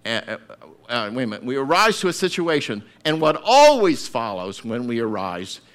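A man preaching a sermon, acting out voices and breaking into shouted calls to get up. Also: mid-range voice, sing-song, moderate pace.

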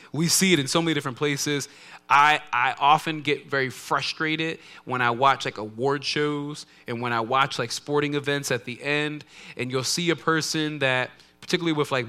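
A male pastor preaches in a conversational style, his smooth voice bright, forceful, and a little high for a man. He shifts between soft, low asides and loud, emphatic lines.

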